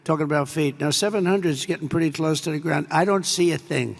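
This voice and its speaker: Older American man, rambling superlative-heavy speech, rough fry, long hall reverb. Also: a little high, quick pace. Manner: rambling anecdotes full of superlatives and asides. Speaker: president addressing troops. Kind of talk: off-the-cuff speech to troops. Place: large air base hall.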